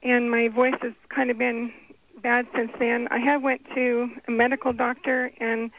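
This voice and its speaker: A woman's voice: fairly high pitch, level tone, moderate pace. Hesitant woman caller on a phone line. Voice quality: strained, weakened voice. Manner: hesitant, many ums.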